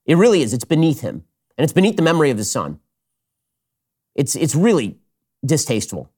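Male host, sarcastic commentary, lively pitch that swings a lot, a bit on the high side. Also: slightly rough. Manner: sarcastic, mocking, rapid-fire commentary. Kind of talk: political commentary.

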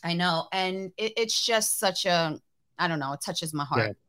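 Slow, bright-voiced, heartfelt woman. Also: on the low side, expressive, smooth. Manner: heartfelt, soft-spoken, gets choked up. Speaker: podcast co-host. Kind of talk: casual chat.

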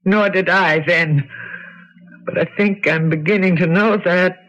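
An actress playing an older landlady in a radio drama, speaking in a slow, measured, confiding way. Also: fairly low pitch, fairly even intonation, a bit bright. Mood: knowing. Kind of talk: 1970s radio drama acting. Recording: dull lo-fi radio broadcast.

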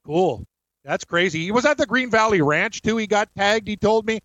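A man co-hosts a sports betting show, trading blunt opinions and quick agreement. His voice is high and the recording is dry and close. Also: lively intonation, fairly bright tone, no echo, lo-fi sound. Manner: blunt, quick short reactions. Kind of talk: casual sports betting chat.

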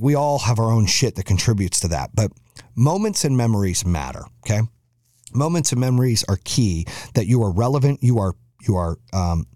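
A man's voice: mid-range voice, warm tone, dry recording, studio quality. A middle-aged man hosting his own podcast, ranting bluntly and profanely in a driven, motivational way. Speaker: podcast host. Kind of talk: solo podcast monologue.

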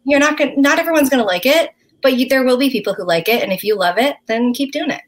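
A woman with a Newfoundland accent, a songwriter chatting casually as a guest, relaxed and rambling with lots of fillers. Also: high-pitched, fast talker. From Newfoundland, Canada. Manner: relaxed, rambling, many likes and you-knows. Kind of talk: casual interview chat.

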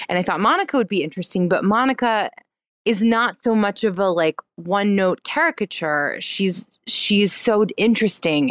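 A woman in her thirties, a comedian and cabaret performer, talking casually as an interview guest, full of "like" and acted-out quotes. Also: no echo. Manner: chatty, many "like" fillers, acts out quotes in a higher voice.

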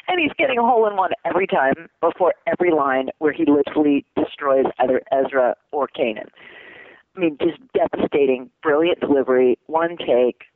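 A man, a voice actor being interviewed, chatting casually, excitable and laughing often, calling people "dude". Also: a little high, moderate pace, no room sound. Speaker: voice actor guest. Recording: tinny phone line.

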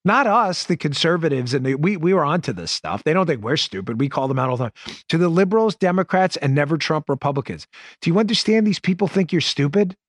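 A man hosting a political commentary show, talking in an animated, sarcastic and emphatic way. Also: a little high, fast talker, dry recording, studio quality. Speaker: podcast and radio host.

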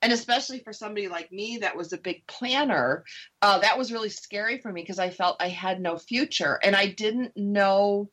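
A middle-aged woman talks casually on a radio show, candid and chatty, laughing easily. Her voice sits at an ordinary middle pitch. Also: normal speed, a bit bright. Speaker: radio show host sharing her divorce recovery.

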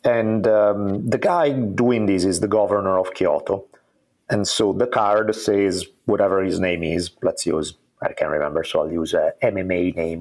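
A man's voice: fairly low pitch, normal speed, a little mellow. A man hosting a podcast, telling stories in a rambling, casual way with the occasional swear word and laugh. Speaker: podcast host. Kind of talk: casual conversational interview.

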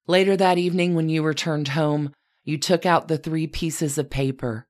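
A woman narrating a scripted biographical story with a strikingly deep voice. She speaks in a measured, even way and addresses her subject directly. Her delivery is composed and deliberate. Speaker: podcast narrator.

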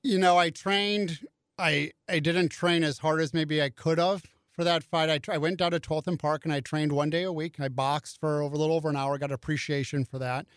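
A man's voice: on the high side, steady tone, fairly quick, clear, resonant tone, dry recording, studio quality. A middle-aged man telling a story in a casual chat, and he acts out other people's lines in raised voices. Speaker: podcast guest.

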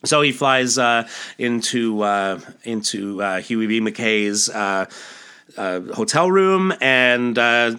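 Man, casual comic book read-aloud, chatty, asides, bright voice. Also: mid-range voice, expressive, slow pace, clear, resonant tone. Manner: chatty, many fillers and asides. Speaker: storyteller.

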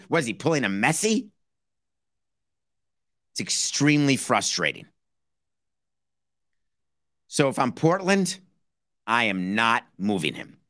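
Male sports podcast host, mid pitch, dry close sound, animated and rhetorical, slips into quoted calls. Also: no room sound. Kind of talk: casual solo sports commentary.

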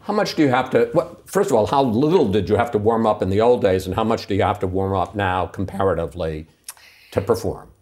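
A man's voice: lowish voice, animated, a little fast, a little mellow. An older man hosting an interview, asking direct, probing follow-up questions. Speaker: interviewer, host. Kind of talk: broadcast interview.

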